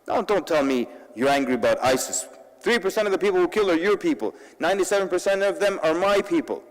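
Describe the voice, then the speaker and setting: Animated man speaking in a reverberant hall. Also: high-pitched, fast. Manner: animated storyteller, mixing in Arabic words. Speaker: convention speaker. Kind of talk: humorous public talk. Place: large convention hall.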